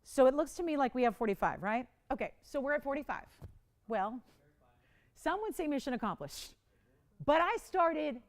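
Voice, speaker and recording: A talkative woman hosts a live jewelry auction from a TV studio. Her voice sits a little high, and she pleads for bids in an easy, joking way with frequent laughs. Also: clear, resonant tone. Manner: chatty, pleading, quick to laugh. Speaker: live shopping host.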